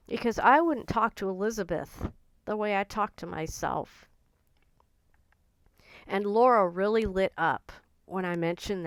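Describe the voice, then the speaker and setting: A woman vlogger talking in an earnest, gentle and confiding way about her own feelings. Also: medium pitch, clear, resonant tone, no echo. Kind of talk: personal reflective talk to camera.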